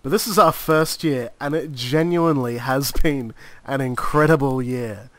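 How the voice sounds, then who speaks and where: A man's voice: medium pitch, measured pace, fairly bright tone, no echo. A man hosting a podcast, joking casually and wrapping up the show with plugs. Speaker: podcast host. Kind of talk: casual chat.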